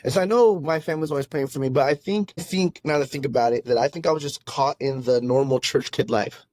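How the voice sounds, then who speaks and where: A man's voice: medium pitch, a little mellow, dry recording. Earnest man telling his story, dry sound. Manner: earnest, halting, many restarts. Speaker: pastor. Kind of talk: casual testimony in a conversation.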